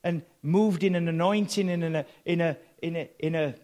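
A man preaching a sermon, telling a story that builds to loud, excited bursts with laughter. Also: fairly high pitch, a little fast.

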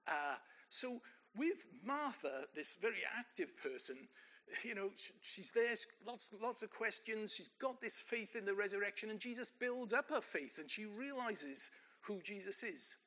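Lively high-voiced older male preacher. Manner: conversational, asks the congregation rhetorical questions. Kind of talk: sermon.

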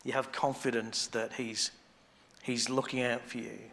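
A man preaching a sermon in a conversational way, restarting phrases as he thinks aloud and growing quiet and intimate on devotional points. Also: mid-range voice, flat delivery, a little slow, creaky.

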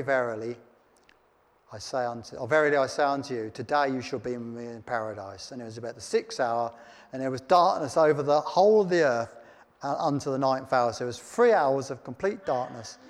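A man's voice: mid-range voice, brisk. A man preaching a sermon, reading Bible verses aloud and then explaining them in plain, chatty words. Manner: reads scripture aloud then comments in plain chat. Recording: long hall reverb.

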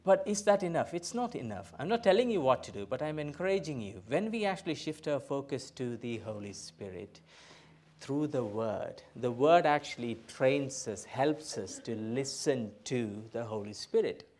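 Man, middle-aged, pastor, church sermon, emphatic, loud bursts then soft asides. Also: mid-range voice, lively intonation, normal speed.

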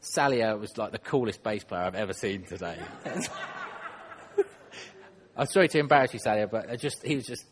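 A man's voice: lowish voice, normal speed, long pauses, in a large hall, noisy background. A man preaching a sermon in church, conversational and self-deprecating, putting questions to the congregation.

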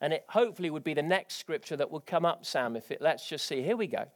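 A man delivering a lively church sermon, his voice pitched high for a man. He preaches with energy, pushing his delivery upward into eager exclamations as he drives each point home. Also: fast. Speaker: pastor.

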